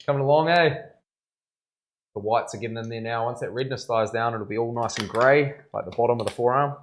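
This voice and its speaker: A man's voice: medium pitch, brisk, slight background noise. A young man, a tattoo artist, chatting casually on a live stream while he works, laughing often and thanking viewers. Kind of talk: casual livestream chat while working.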